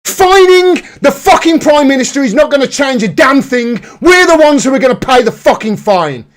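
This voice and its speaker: Angry man ranting, lively pitch. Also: normal speed. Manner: angry, profane, heated ranting. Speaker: political commentator, livestream host. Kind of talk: live ranting commentary.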